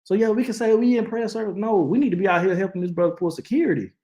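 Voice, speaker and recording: A man hosts a casual commentary stream. His voice sits a little high, and he talks in an impassioned, preaching way, often stumbling and restarting mid-sentence. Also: very fast, mellow, echoey room. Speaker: channel host reacting to news.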